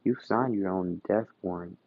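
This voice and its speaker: A man voicing a menacing male arms dealer who runs a feared crime ring, speaking calm and slow with quiet threats. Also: deep voice, creaky, no room sound. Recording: dull, dry recording.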